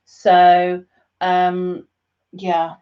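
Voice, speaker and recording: A woman's voice: lowish voice, monotone. Female podcast co-host, playful teasing banter, dull lo-fi recording. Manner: teasing, playful, quick to laugh. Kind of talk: casual chat.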